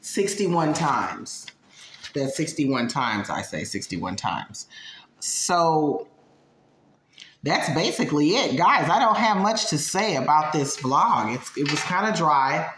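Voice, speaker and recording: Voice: medium pitch, lively intonation, takes it slowly, a bit bright, echoey room. A reaction video host giving blunt, sassy commentary in a casual way.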